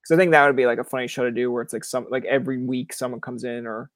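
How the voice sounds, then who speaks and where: A man's voice: mid-range voice, flat delivery, very fast, dry recording. A young man from Canada hosting a podcast in casual chat, rambling with many fillers, swear words and acted-out quotes. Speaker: podcast host.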